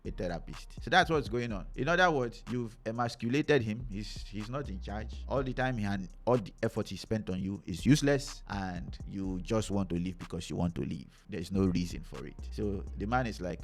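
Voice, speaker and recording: A man's voice: fairly low pitch, a little fast, few pauses. A man giving blunt, preachy commentary on relationships and acting out what other people say. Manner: animated, preachy, acts out quotes. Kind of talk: opinionated reaction commentary.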